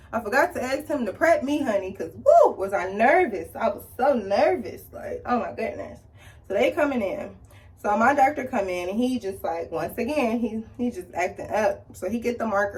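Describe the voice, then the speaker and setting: Chatty woman vlogger telling a story over her makeup, animated, acting out every voice in it, higher-pitched and a little off-mic. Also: far from the mic. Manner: animated, acts out quoted people with big pitch jumps. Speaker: beauty vlogger. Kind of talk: casual storytelling while doing makeup.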